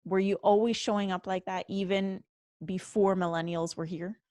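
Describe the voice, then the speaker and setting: A young adult woman hosting an interview, asking thoughtful, measured questions. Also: mid-range voice, fairly even intonation, a little mellow, no room sound, studio quality. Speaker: host.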